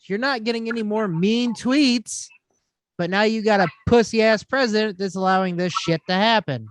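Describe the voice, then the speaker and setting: A man's voice: sits high, normal speed, no echo. A middle-aged man hosting a podcast, ranting and swearing through casual chat. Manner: ranting and profane. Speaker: podcast host.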